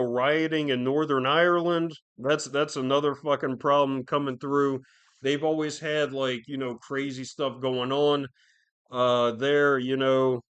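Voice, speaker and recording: A podcast host talks alone in a medium-pitched, clean voice. His casual commentary rambles, heavy on profanity and filler words.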